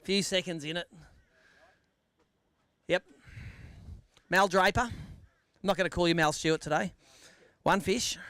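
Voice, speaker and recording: Brief: Australian male MC at a fishing weigh-in, a high and crisp voice, joking and matey, dry close sound. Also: a bit bright, no echo. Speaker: weigh-in host. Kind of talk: live tournament weigh-in banter. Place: outdoor weigh tent at a lake.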